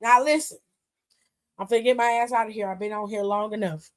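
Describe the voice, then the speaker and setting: A woman's voice: medium pitch, steady tone, a little fast. A woman hosting a wrestling aftershow, talking casually, bluntly and with plenty of swearing. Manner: blunt, profane, opinionated. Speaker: wrestling show host.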